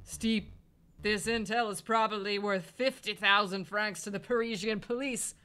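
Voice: mid-range voice, fairly even intonation, normal speed, sharp tone, soft background music, lightly acted. A player doing a shady crook crocodile. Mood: impatient. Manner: gruff, impatient, wheeling-dealing. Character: shady male crocodile black-market dealer. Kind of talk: reading a game aloud, doing character voices.

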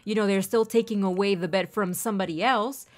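A young woman hosting a gaming channel, giving excitable, gushing let's-play commentary and addressing viewers as ladies and gentlemen. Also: medium pitch, fairly quick.

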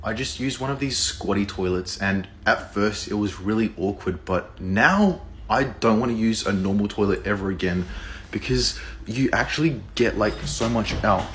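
A man's voice: fairly low pitch, normal speed, noisy background. A young Australian man vlogging casually to camera, rambling and frank, with lots of fillers and restarts. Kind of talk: casual vlog talk to camera.

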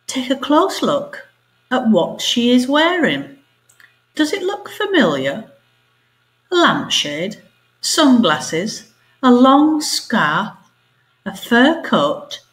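A woman teacher reading a story aloud to her pupils, expressive and animated. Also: on the high side. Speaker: primary school teacher. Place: home.

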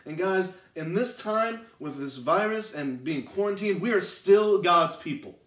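A man's voice: high voice, animated, unhurried, hardly any pauses, a bit bright. A man giving a casual youth sermon, retelling scripture conversationally and checking in with listeners. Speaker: youth pastor. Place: church. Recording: roomy, distant mic.

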